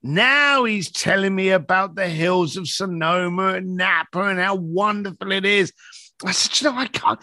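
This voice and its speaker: Animated man acting out a story. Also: moderate pace, no room sound, studio quality. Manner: acts out both sides of a phone call, shifting pitch a lot. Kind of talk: animated anecdote.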